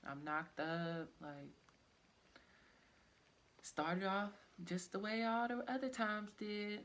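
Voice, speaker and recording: A woman's voice: mid-range voice, fairly even intonation, slow, fairly bright tone. A young woman telling a personal story in a loose, rambling way, with plenty of "like" asides. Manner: casual, rambling, full of "like" and "I'm like" asides.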